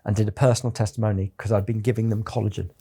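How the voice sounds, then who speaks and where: A man's voice: fairly low pitch, flat delivery, rapid-fire, dark tone, breathy edge. A middle-aged man, a company founder, telling anecdotes in an interview with a chatty storytelling manner. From England. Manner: chatty anecdotal storyteller, acts out quoted voices.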